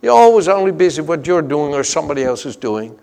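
A man delivers an emphatic sermon and tells personal stories along the way. His voice sits a little high with a gravelly rasp. It rings out through the long reverb of a large hall. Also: big pitch swings, quick pace, dark tone. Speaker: preacher.

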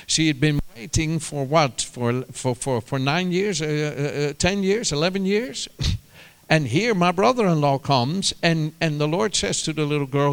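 A man preaching a sermon, telling stories with bursts of loud, rising emphasis and quieter asides. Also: a little high, normal speed, vocal fry. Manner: animated storytelling, rises to shouts and drops to quiet asides.

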